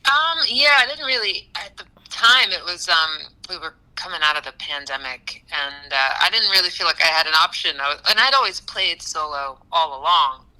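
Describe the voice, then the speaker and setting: A woman musician chatting casually in an interview, animated, with frequent laughs and fillers. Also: fairly low pitch, normal speed, few pauses, low-quality recording. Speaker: musician guest.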